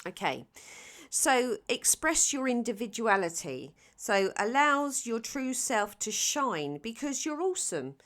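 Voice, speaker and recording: A woman's voice: on the high side, sing-song, measured pace, fairly bright tone. A woman from London with a South London Cockney accent, giving a chatty, playful tarot reading full of ums and restarts. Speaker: tarot reader. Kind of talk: casual tarot reading to camera.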